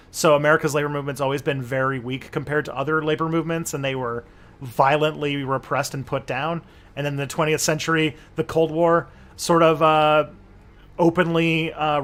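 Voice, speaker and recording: Man, from Canada, co-host, casual political talk, rambling, many restarts, a bit higher pitched. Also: a bit bright.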